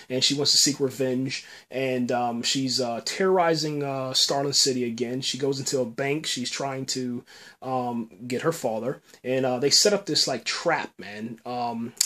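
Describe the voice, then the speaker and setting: A man hosting a podcast, excitedly recapping a TV episode in a casual, rambling way that is full of fillers. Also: medium pitch. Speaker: podcast host.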